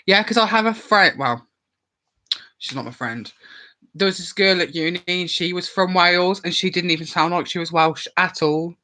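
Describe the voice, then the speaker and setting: A man's voice: sits high, normal speed, bright, forceful tone, low-quality recording. A man in his twenties from the Worcestershire area with a light Birmingham accent, chatting casually to camera, opinionated and swearing freely. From England, Worcestershire area. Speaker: channel host.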